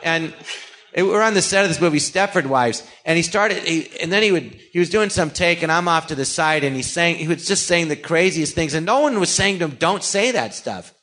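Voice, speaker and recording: An older man from California, a comedian guest in a casual interview, telling anecdotes in an animated way with many restarts. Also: fairly high pitch. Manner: animated storyteller, acts out anecdotes, halting restarts.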